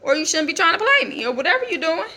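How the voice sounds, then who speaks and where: Brief: high, bright woman doing a defiant foster girl, profane rambling rant. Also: sing-song, quick pace, slight background noise, heavily acted. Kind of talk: character monologue.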